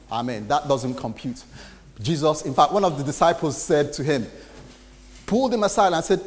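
Pastor preaching in an echoing hall. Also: male voice, a little high, lively intonation, moderate pace. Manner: conversational preaching with acted-out quotes. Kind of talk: sermon. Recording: reverberant hall with faint noise.

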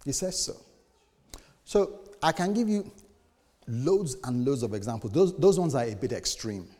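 A man preaching a sermon as a pastor, animated, jumping to sudden high bursts and then dropping low and quiet. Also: unhurried. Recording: long reverb of a hall.

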